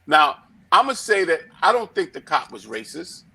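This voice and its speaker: A man co-hosting a talk show, arguing a point and telling a story in an animated way, swearing freely. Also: on the high side, normal speed, creaky, husky. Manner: animated, swearing, acts out quotes loudly. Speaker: podcast co-host. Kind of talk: heated debate, storytelling.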